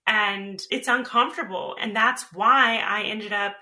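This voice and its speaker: A middle-aged woman talking as a podcast guest, candid and animated, telling stories about her life and family. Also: medium pitch, a little slow. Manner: candid, animated storyteller, swears casually. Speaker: podcast guest, author and speaker. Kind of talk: casual interview talk.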